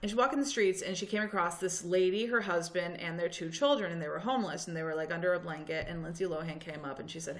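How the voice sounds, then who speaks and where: A young woman co-hosting a podcast, chatting casually and telling a story with animated, swearing energy. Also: lowish voice, fast talker. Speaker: podcast co-host. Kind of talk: casual chat.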